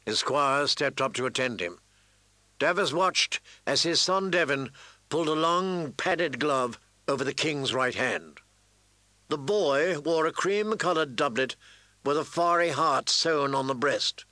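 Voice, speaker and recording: A man reading fantasy fiction aloud in measured, deliberate scripted narration. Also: fairly high pitch, lively intonation, sharp tone, no room sound, poor audio. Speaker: audiobook narrator.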